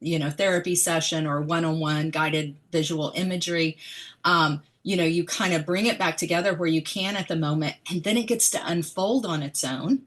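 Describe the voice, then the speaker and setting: A woman's voice: deep voice, moderate pace. A woman, an author being interviewed about her memoir, speaking in a thoughtful, musing way. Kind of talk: reflective interview conversation.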